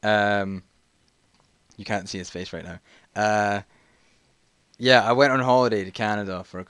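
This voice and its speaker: A man's voice: on the low side, steady tone, unhurried, a bit bright, clear, resonant tone, no room sound. Rambling guy telling a story. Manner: rambling, jokey, easily sidetracked. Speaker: vlogger. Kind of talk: casual storytime while playing a video game.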